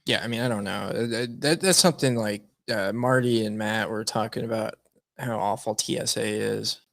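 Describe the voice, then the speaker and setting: Man, podcast co-host, gravelly, sarcastic, joking, casual chat, dry sound. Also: fairly low pitch, moderate pace, no echo.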